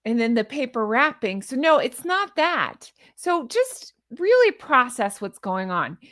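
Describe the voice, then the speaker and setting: Woman ranting casually to camera, kinda high voice, snarky and rambly. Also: sing-song, a little slow, fairly bright tone. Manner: chatty, sarcastic, scoffing asides; rambling with restarts and laughs. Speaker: commentary vlogger. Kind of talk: casual opinion commentary.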